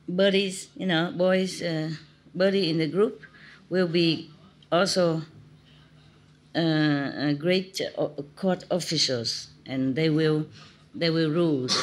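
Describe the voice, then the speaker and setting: A woman spiritual teacher giving an informal talk, telling stories in chatty, simple English and laughing often. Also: deep voice.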